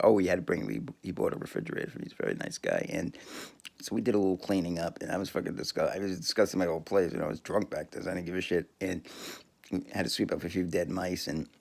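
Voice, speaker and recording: A man's voice: deep voice, creaky, darkish tone. A man talking alone on his podcast, crude and rambling, often breaking into laughter and restarting his sentences. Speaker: podcast host. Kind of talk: rambling solo monologue.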